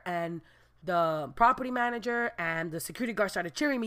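A woman telling a comic personal anecdote, animated and expressive, breaking into shrieks and Spanish exclamations. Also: medium pitch, fairly quick, clean tone. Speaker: storyteller.

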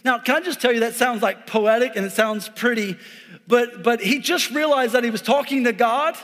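A man's voice: extremely high pitch, moderate pace, fairly bright tone, long reverb tail. A man in his forties, a pastor preaching a sermon in a church in a joking, conversational way, often checking in with the congregation. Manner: joking, conversational preaching with frequent "all right?". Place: church sanctuary.

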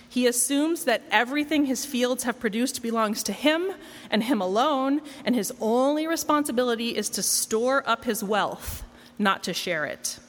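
Woman, sermon, wry and conversational, slightly high voice, long church reverb. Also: fairly bright tone. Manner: conversational, wry, self-deprecating. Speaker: preacher.

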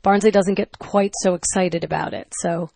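A woman's voice: lowish voice, steady tone, moderate pace, creaky, dark tone, no room sound. Woman hosting a call-in show. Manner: friendly, reading out listener questions with brief backchannels. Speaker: radio show host.

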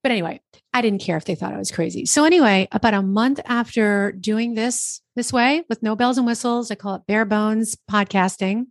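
A woman's voice: mid-range voice, brisk, no room sound. Chatty woman from New Jersey, dry sound. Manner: chatty, animated, lots of quoted self-talk. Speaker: podcast guest, coach. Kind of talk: casual interview storytelling. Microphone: podcast microphone.

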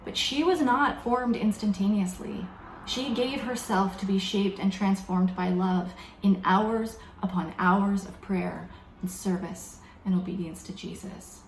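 A woman's voice: medium pitch, measured pace, slight background noise. Woman preaching in an echoey room. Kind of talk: sermon. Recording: echoey room with faint background ambience.

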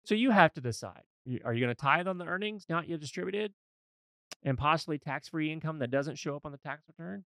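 With a fairly high, pushed and bright voice, a male financial advisor hosts a conversational podcast a little on the fast side. His intonation is lively, and his manner is folksy, earnest and emphatic.

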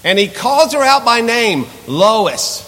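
A man's voice: fairly high pitch, lively intonation, normal speed, a bit bright, big-room sound. A male pastor preaching a sermon with impassioned, repetitive rhetorical questions, in a church sanctuary.

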